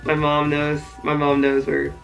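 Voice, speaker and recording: A woman's voice: deep voice, measured pace, faint music behind, poor audio. A woman vlogging at home, gushing and laughing as she unboxes a care package. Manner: excited, gushing, often laughing. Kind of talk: casual vlog unboxing.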